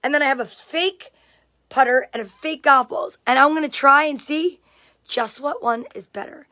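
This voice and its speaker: A woman's voice: high-pitched, moderate pace, pushed and bright. A woman chatting casually on a livestream, greeting viewers by name and reading out their comments. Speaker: livestream host.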